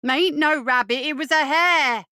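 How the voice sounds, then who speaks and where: A woman's voice: high-pitched, bright, forceful tone, no echo, clean studio sound, pitched above the performer's own voice. A woman voicing a bigger street urchin boy, hot-tempered and bashful, insisting in slangy speech. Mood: indignant. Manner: stubborn, indignant, slow insistent slang.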